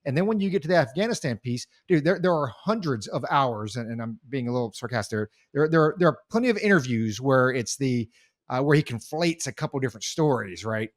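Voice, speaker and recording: A man's voice: medium pitch, lively intonation, fast, no echo, clean studio sound. A man co-hosting a casual podcast talk, a veteran who speaks in heated, rambling bursts with many restarts. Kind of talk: casual chat.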